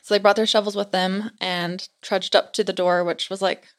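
A young woman telling an eerie story in a loose, chatty way, leaning on "like" between phrases. Her voice sits at a middling pitch, and the delivery stays casual and conversational. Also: flat delivery, normal speed. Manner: chatty, frequent "like" fillers.

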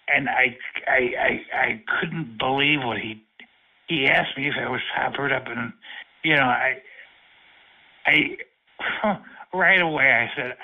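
Gravelly, husky man on a phone line. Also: medium pitch, measured pace. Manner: lewd, rambling, stammering. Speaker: prank caller. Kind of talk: crude prank phone call.

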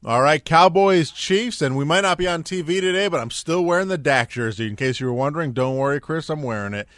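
A man hosting a sports talk show, briskly moving through quick picks. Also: fairly high pitch, fairly bright tone, dry recording. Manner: brisk, moving things along. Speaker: host.

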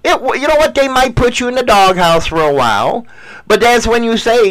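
High-pitched, lively, profane man. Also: a little fast. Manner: profane, boastful, mock-preaching. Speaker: podcast co-host. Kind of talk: casual banter.

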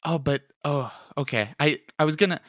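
A man's voice: on the high side, moderate pace, no room sound, studio quality. A man playing a tabletop murder mystery game, talking playfully and stammering now and then. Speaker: player.

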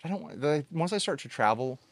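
A man's voice: a little high, fast, dry recording. A man hosting a casual chat outdoors, telling stories and laughing often. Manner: laughs often, animated storytelling. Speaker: podcast host. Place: outdoors on a tropical island.

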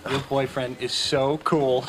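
A man's voice: medium pitch, flat delivery, takes it slowly, lightly acted. A man playing an impressed sitcom buddy. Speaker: sitcom character. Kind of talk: sitcom acting.

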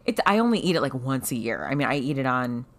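A woman's voice: very deep voice, sing-song, fast talker. A woman co-hosting a book podcast in casual, chatty talk that rambles along. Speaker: podcast co-host. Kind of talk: casual chat.

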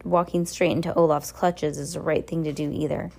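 A woman's voice: low voice, steady tone, brisk, vocal fry, a little mellow. Woman reader as a brave teen boy; urgent and pleading. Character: brave earnest teenage boy. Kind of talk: audiobook reading.

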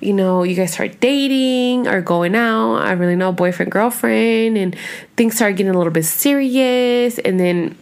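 A woman's voice: medium pitch, unhurried, gravelly, smooth. A young woman hosting a podcast in casual chat, rambling and swearing often. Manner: rambling, chatty, cusses a lot. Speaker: podcast host.

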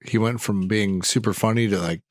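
A man's voice: fairly low pitch, steady tone, a little fast. A man co-hosting a podcast who chats casually in an offhand, easygoing way. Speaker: podcast co-host. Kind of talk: casual bar chat.

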